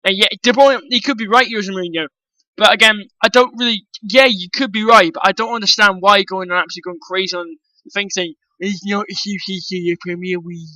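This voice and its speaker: High, bright-voiced ranting football vlogger man. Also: steady tone, fast, no echo, poor audio. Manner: blunt, ranting, swears freely; addresses viewers as guys. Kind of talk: opinionated transfer-news rant.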